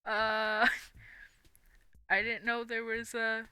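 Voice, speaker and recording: A woman's voice: a little high, completely flat delivery, very slow, bright, forceful tone, clear, resonant tone. A young woman live-streaming, chatting casually in a rambling, giggly way with lots of fillers. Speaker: livestream host.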